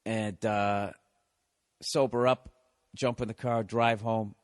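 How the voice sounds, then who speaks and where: A comedian and podcast host tells a story as a casual, swear-filled rant, sounding exasperated and repeatedly correcting himself and restarting mid-story. His voice is on the low side, level and slow, recorded in a clean studio with no echo.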